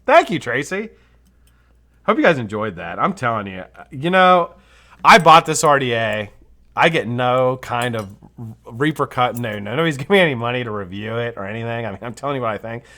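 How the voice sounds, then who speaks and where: A man's voice: mid-range voice, big pitch swings, a little fast, bright, forceful tone. A man hosting a live vape review show, talking casually and enthusiastically and swearing freely.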